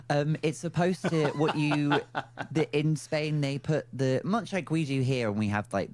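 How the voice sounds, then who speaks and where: A man with an English accent hosting a podcast in casual chat, playful and quick to laugh. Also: lowish voice. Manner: laughs often, lively and playful. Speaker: podcast host.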